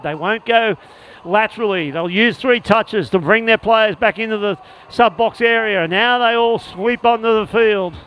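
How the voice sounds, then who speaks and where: High-voiced excitable male sports commentator. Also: clean tone, poor audio. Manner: rapid play-by-play, excitable on scores. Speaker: play-by-play commentator. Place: outdoor sports venue.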